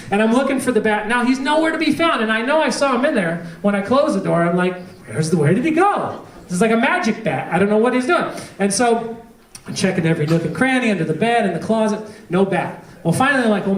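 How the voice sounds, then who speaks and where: A man preaching a sermon as pastor, telling a story with humor and animated delivery. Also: high voice. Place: church. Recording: echoey church hall, distant mic.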